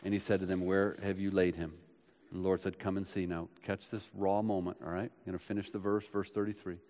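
A man preaching a sermon as pastor, swinging from loud urgent builds to soft hushed passages, recorded in a church. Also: low voice, little pitch movement, fairly quick. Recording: long hall reverb.

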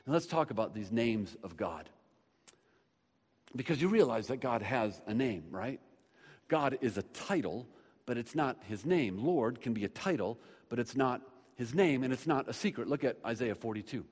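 A male pastor delivering a sermon in a church, animated and prone to repeating words, with the odd joking aside. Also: mid-range voice, normal speed, slightly rough. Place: church sanctuary with screens. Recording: long hall reverb.

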